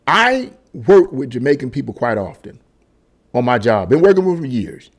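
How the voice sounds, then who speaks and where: A man's voice: mid-range voice, sing-song, moderate pace. A middle-aged man giving a casual opinion monologue, emphatic and rambling, often restarting and repeating words. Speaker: political commentary vlogger.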